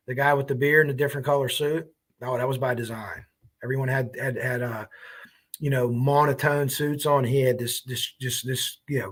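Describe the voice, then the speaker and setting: Male livestream host, slightly high voice, bright and forceful, loose rambling chat. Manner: rambling, chatty, reacts to comments as he goes. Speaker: true crime livestream host. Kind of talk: casual livestream chat reading viewer comments.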